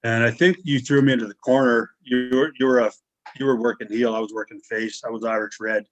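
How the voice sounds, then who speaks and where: Animated male podcast guest, dry sound. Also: mid-range voice, a little fast, no echo, poor audio. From Canada. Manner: animated storyteller, acts out shouts. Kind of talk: casual chat.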